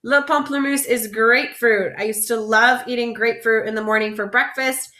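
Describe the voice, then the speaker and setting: A woman French teacher leading a vocabulary lesson, slowly drawing out each word for students to repeat. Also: a little high, steady tone, sharp tone, roomy sound. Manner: slow, drawn-out modeling of words for repetition.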